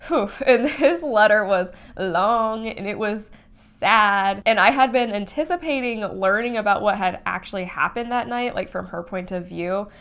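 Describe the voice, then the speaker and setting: A woman's voice: mid-range voice, moderate pace, hardly any pauses, a bit bright. A young woman giving a casual, emotional spoiler review of a novel, talking in a chatty way, often saying "like" and sighing or laughing. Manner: chatty and emotional, heavy use of "like", sighs and laughs. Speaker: book reviewer.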